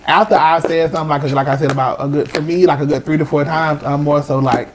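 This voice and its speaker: A man's voice: on the high side, steady tone, fast, noisy background. A man in a casual podcast chat, easygoing and reflective as he tells a story. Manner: easygoing, reflective, laughs often. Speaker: podcast co-host.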